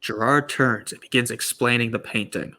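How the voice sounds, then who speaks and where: Guy narrating his goofy script, bright ringing voice, trips over words. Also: medium pitch, fairly even intonation. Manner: playful, stumbling, quick to laugh. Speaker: podcast co-host reading his own script. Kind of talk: reading a comedy script aloud.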